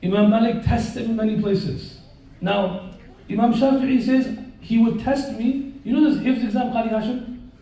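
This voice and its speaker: High-voiced preacher in an echoing hall. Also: male voice, normal speed. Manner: lively storyteller who questions and jokes with the audience. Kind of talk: live sermon with storytelling. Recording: very roomy echo, voice far from the mic.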